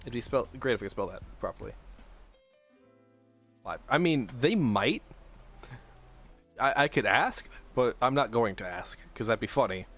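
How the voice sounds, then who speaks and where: A man's voice: mid-range voice, lively intonation, moderate pace, pauses often, fairly bright tone, faint music behind. A man chatting casually on a live stream from his room at home, planning a tabletop setting aloud and swearing freely.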